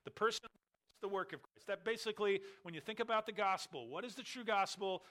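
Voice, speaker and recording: A man's voice: high voice, a little fast, bright, forceful tone. A man preaching an expository sermon as a pastor, emphatic and full of rhetorical questions.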